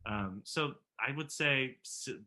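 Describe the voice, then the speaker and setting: A man who teaches musical theater, chatting casually about his student days, animated and quick to laugh, restarting sentences as he goes. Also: mid-range voice. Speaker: musical theater professor and alumnus. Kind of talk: casual reminiscing conversation.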